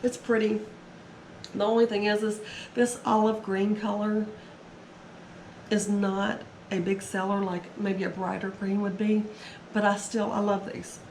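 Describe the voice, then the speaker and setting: In a chatty, rambling haul video, a reseller vlogger talks casually about her resale pickups, her voice a little strained since she's recovering from an illness. She has a mid-range, slightly mellow voice, keeps a level tone, and goes a little slowly. The echoey room has faint ambience and slight background noise.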